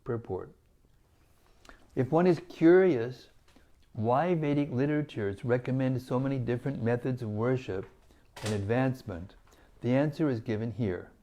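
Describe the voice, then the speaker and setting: A man reading scripture aloud to listeners in a deliberate, measured way, pausing between phrases. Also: medium pitch, warm tone. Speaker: scripture reader.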